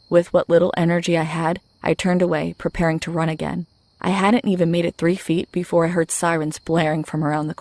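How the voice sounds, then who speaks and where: A woman narrates a horror story in a low, flat voice with a gravelly rasp. Her delivery is steady and scripted, and the recording is dry and close. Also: no echo.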